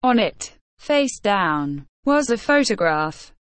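A woman narrating a simple story in a measured, careful reading voice. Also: mid-range voice, big pitch swings, dry recording. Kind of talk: slow graded-reader story narration.

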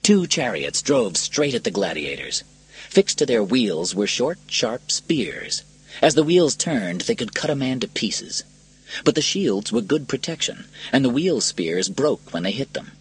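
A man narrating an adventure storybook in a dramatic, lively reading style. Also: mid-range voice, measured pace, breathy edge.

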